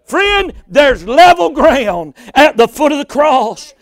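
A man preaching a sermon, building from steady reading to impassioned shouts and cries. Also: extremely high pitch, slow pace, no room sound.

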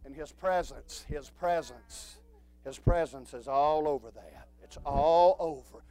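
A man preaching a sermon, swinging from quiet low talk to shouted, drawn-out preaching.

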